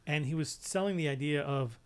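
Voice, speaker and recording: A man's voice: on the high side, fairly quick, smooth. Joking, rambling male co-host. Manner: rambling, joking, stumbles over words. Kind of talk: casual chat. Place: home.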